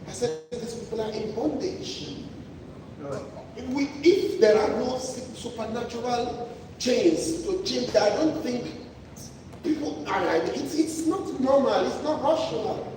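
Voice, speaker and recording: A high-voiced man preaches a sermon, pressing his points through repetition and restarts. He sounds far from the mic in a large, echoing hall with long reverb. A clear layer of noise sits under his voice. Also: lively intonation, unhurried, a little mellow. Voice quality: emphatic, repetitive phrasing with restarts. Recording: echoey hall from far off, noisy.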